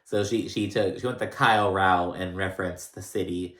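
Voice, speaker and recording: A man with a fairly low voice talks through a reality show recap in a loose, rambling way, full of "like" and "um". The sound is roomy, with the room echoing around him. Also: steady tone, moderate pace, fairly bright tone. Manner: rambling, filler-heavy storytelling. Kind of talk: casual recap chat.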